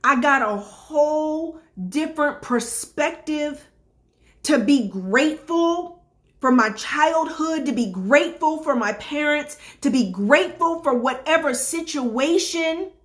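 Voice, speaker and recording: A woman's voice: high voice, animated, slow. A middle-aged woman life coach giving a motivational talk straight to her viewers, emphatic and repetitive like a preacher.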